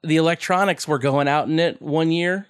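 Guy with a kinda high voice, swearing and laughing, dry close mic. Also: normal speed, clean tone, dry recording. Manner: profane storyteller, laughing often. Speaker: podcast co-host. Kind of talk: casual chat.

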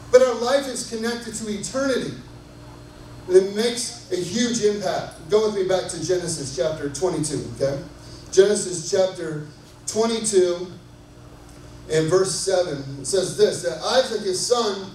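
Male pastor, high-pitched, casual and lively, keeps checking in with the congregation; distant, roomy sound with faint noise. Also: measured pace. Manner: conversational and enthusiastic, asks the crowd often. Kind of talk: sermon. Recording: echoey hall from far off, faint noise.

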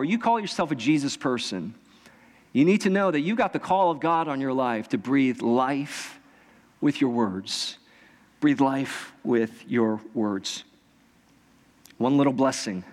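A male pastor preaching a sermon. He shifts between casual storytelling, bursts of loud excited emphasis, and slow, repeated exhortations. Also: mid-range voice. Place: church sanctuary. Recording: long reverb from a church hall.

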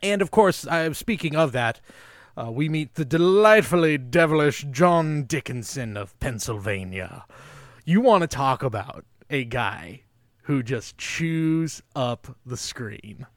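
A man co-hosting a podcast, chatting in an animated, enthusiastic way with lots of fillers. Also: medium pitch, slow, dry recording, clean studio sound. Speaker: podcast co-host. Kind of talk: casual film discussion.

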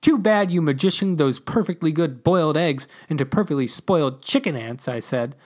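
A man's voice: moderate pace, few pauses. A man reading his own comic story aloud with exclamations and character voices. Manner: animated, exclaiming, pitch leaps on quoted lines.

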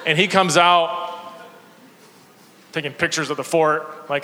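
A man's voice: fairly high pitch, steady tone, a little slow, sharp tone. A man preaching a sermon in a church, telling stories with energy and self-deprecating humor. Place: church sanctuary. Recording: long church hall reverb.

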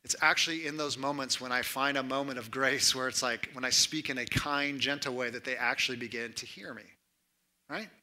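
A man, a pastor in his thirties, preaching a sermon in a conversational way, often asking "right?" and dropping to a soft, low voice for emphasis. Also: steady tone, fairly quick.

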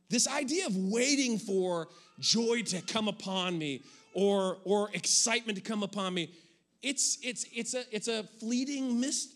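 Middle-aged pastor guy, high voice, preaching all conversational and lively, keeps restarting sentences. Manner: energetic, conversational, repeats and restarts. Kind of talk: sermon.

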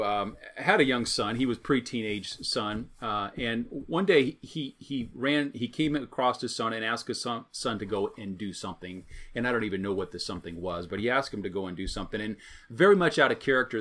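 A man's voice: mid-range voice, a bit bright. A man, a pastor, preaching an evening sermon in a conversational, storytelling way, repeating his key phrases.

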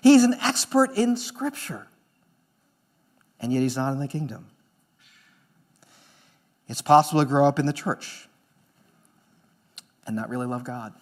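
A pastor preaching a sermon in an earnest manner, moving between emphatic lines and hushed ones. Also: male voice, mid-range voice.

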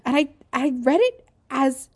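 A woman co-hosting a casual book-discussion podcast tells stories in a giggly, animated way. Her voice is high and a little slow.

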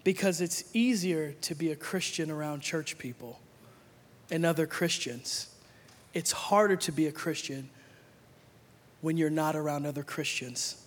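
A man's voice: a little high, unhurried. A young adult man preaching a sermon, playful and joking, acting out Bible figures in casual slang. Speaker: pastor.

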